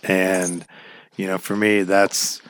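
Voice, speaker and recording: A man's voice: low voice, level tone, slow, vocal fry, fairly bright tone, no room sound, studio quality. A man in his thirties hosting a radio show from his home office, chatting casually and rambling with easy laughs. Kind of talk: casual chat.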